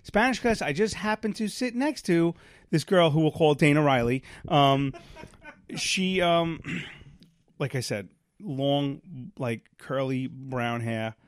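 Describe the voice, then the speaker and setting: A man telling a long, self-deprecating story on a casual podcast, full of rambling fillers and restarts. His voice sits a bit high for a man. The sound is close and dry. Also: slow pace, no room sound. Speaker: podcast co-host.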